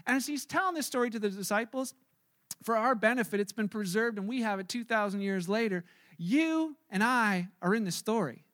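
A man's voice: high voice, lively intonation, brisk, fairly bright tone. A male pastor preaching a sermon in a storytelling manner, acting out the characters he describes.

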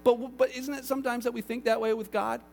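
A man in his thirties preaching a sermon, telling family stories in an animated, lively way. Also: very high voice, fast talker, vocal fry, a little hiss or hum. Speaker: pastor. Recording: long reverb of a large hall.

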